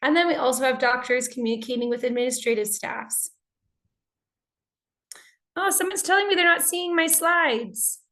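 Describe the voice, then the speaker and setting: An American woman leads an online English lesson with a fairly high voice. She talks to her class in a friendly, energetic way and keeps checking in with her students. She is heard through her computer mic on a video call. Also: moderate pace, pauses often. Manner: friendly, energetic, interactive with chat. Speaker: English teacher.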